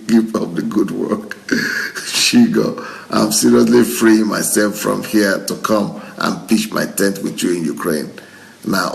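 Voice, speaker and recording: A middle-aged male pastor, reading viewer comments aloud on a livestream, laughing often and breaking into excited exclamations. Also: on the low side, creaky. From Nigeria.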